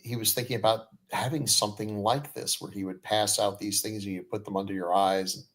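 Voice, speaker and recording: A man co-hosting a horror film podcast, chatting casually with wry, opinionated remarks and halting restarts. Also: lowish voice, fairly even intonation, fairly bright tone. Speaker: podcast co-host. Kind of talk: casual film review chat.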